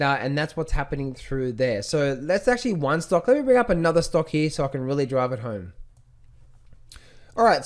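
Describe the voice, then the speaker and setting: A man teaching trading over a screen-share of charts. He keeps asking the viewer rhetorical questions and repeats phrases as he points things out. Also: a little high. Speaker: trading educator.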